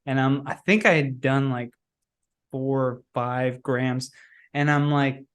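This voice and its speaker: A male podcast host telling stories in a casual, animated way, with many "like" fillers. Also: mid-range voice, slow pace. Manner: animated storyteller, heavy use of "like". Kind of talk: casual conversational interview.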